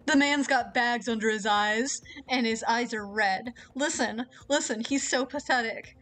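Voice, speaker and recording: A woman streams a game live, talking in an excitable, rambling way full of swearing. Her voice sits fairly high, with faint music playing behind her. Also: a little slow, few pauses.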